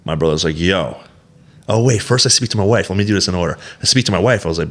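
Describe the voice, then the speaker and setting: Deep-voiced man telling a blunt, profane story. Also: fast talker, a bit bright. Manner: blunt and heavily profane, acts out quoted dialogue; rambling with frequent fillers like "you know" and "like". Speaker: podcast guest, competitive bodybuilder. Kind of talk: candid casual interview storytelling.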